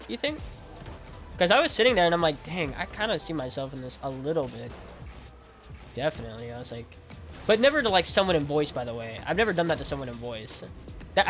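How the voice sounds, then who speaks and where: A man's voice: on the high side, a bit bright. A young man with a slightly raised voice chats loosely with his live-stream audience while he plays. He rambles and circles back, stacking fillers and repeating himself. Faint music sits underneath. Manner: rambling, full of "like" and repeated words. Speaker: game streamer. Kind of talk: casual live-stream chat while gaming.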